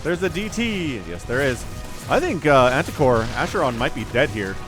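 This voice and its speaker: A man casting a strategy game match, jokey and excitable, reading viewers' chat aloud as he goes. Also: mid-range voice, moderate pace, over music. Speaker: game caster. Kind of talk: lively esports commentary.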